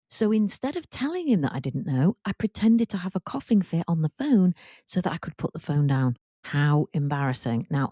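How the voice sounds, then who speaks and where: A woman hosting a casual solo podcast, telling embarrassing work stories and acting out quotes in a higher voice, laughing at herself. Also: no echo, clean studio sound. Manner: animated, acts out quotes in a higher voice. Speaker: podcast host and work confidence coach.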